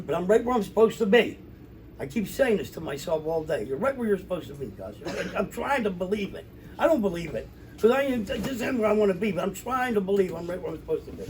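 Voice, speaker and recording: A man from the Pittsburgh area telling a lively recovery story to a room, swearing and acting out the voices of the people in it. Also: high voice, creaky, background noise. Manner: animated, swears, acts out voices. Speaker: recovery speaker. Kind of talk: storytelling to an audience.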